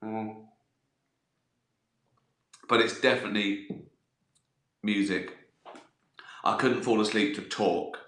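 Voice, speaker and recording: A man's voice: lowish voice, steady tone, takes it slowly, long pauses, fairly bright tone, echoey room. A middle-aged man, hosting a casual livestream and answering viewer questions with swearing, self-mocking banter. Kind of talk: casual chat. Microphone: phone.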